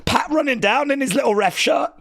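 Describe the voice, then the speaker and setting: A middle-aged man with a very high, fairly quick, creaky and slightly bright voice hosts a live wrestling watch-along stream. He reacts with sarcastic, exasperated rants.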